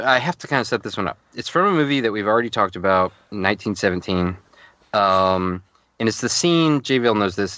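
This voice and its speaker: A man's voice: fairly low pitch, sharp tone, dry recording, muffled recording. A man hosting a podcast in casual chat, stalling over many "uh"s as he sets up a bit. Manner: hesitant, setting things up with many "uh"s. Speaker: podcast host.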